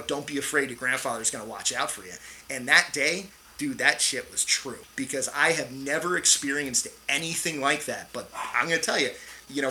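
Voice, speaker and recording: A middle-aged man with a very bright, forceful voice tells a tense story from his Navy years, animated and swearing freely. He keeps checking in with "right?" as he goes, over a faint hiss of background noise. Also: mid-range voice, poor audio. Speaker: podcast guest, Navy veteran. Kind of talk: storytelling in a casual interview.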